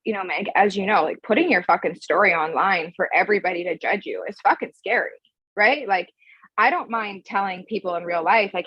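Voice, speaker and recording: Husky, emphatic woman coach swearing freely. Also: mid-range voice, expressive, fairly quick, dry recording, highs cut off. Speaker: podcast guest, coach. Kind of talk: casual podcast conversation.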